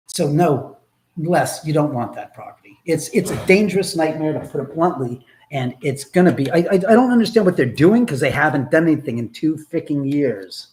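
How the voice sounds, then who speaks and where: Male live-stream host, raised and very expressive pitch, rambling and profane. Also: fairly quick. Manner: animated, profane, reads viewer comments aloud.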